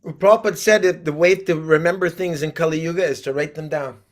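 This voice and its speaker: A man's voice: a little high, steady tone, fast. A man in the audience making earnest conversational remarks over a video call. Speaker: devotee in the audience.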